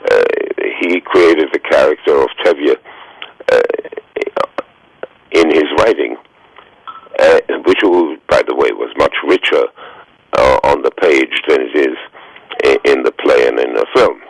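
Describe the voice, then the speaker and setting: Man in his 90s, extremely deep voice, gravelly, halting storyteller, dry phone line. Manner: slow, halting storytelling with many fillers. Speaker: guest. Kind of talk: radio interview.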